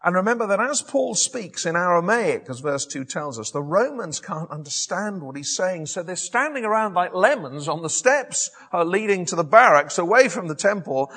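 A man preaching a sermon, telling a Bible story in an animated way with frequent restarts and self-corrections. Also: sits high, normal speed, hardly any pauses, breathy edge.

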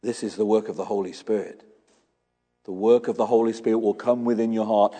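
A man preaching a sermon as pastor, animated and storytelling, acting out small dialogues with his congregation. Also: fairly low pitch, a little fast, in a large hall, soft background music.

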